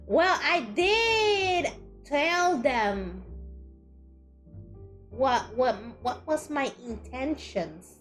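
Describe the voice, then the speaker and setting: A woman's voice: high voice, lively intonation, very slow, pauses often, fairly bright tone, soft background music. A woman streamer chatting casually while painting, rambling and self-mocking. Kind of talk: live art stream chat.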